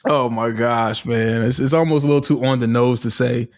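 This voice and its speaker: A man's voice: medium pitch, fairly even intonation, normal speed. A man co-hosting a casual podcast chat who talks expressively, exclaims often and laughs a lot. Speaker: podcast co-host.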